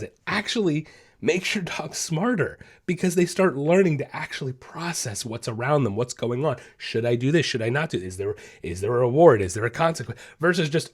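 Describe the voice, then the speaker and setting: A man hosting a dog podcast, talking in a casual, emphatic way and repeating phrases to drive his point home. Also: medium pitch. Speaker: podcast host and dog trainer.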